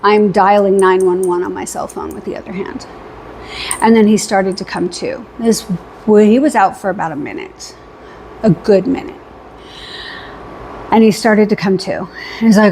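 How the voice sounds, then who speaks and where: A woman's voice: medium pitch, normal speed, long pauses, slight background noise. A woman vlogger casually recapping her weekend, chatty and rambling with fillers, acting out what was said. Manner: animated retelling with quoted dialogue.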